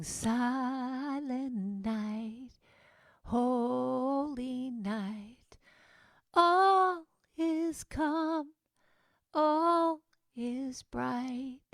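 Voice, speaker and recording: A woman giving a lively storytelling message at a church service, acting out the voices of people in her story. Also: lowish voice, dry recording, studio quality. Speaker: guest musician and speaker. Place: church sanctuary.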